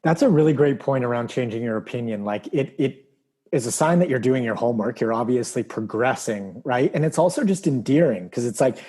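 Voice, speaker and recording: This is a man with a warm, mellow tone who hosts a podcast. He responds to his guest in an easygoing, reflective way and sometimes restarts a phrase. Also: mid-range voice, expressive, brisk. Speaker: podcast host. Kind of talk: casual podcast conversation.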